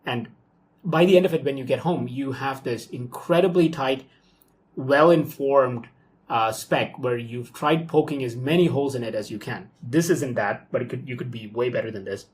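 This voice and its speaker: A young man talks through his work live at his desk. His voice sits at a middle pitch, loose and excitable. He thinks aloud, filling gaps with okays and ums. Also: normal speed. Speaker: software developer talking through his workflow. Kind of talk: casual live screen-recorded walkthrough.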